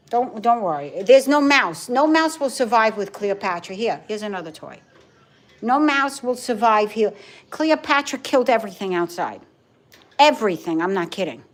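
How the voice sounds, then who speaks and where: A middle-aged woman with a Brooklyn accent, chatting casually with viewers on a livestream, emphatic and repeating herself. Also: mid-range voice. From Brooklyn, New York. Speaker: livestream host. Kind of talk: casual live chat with viewers.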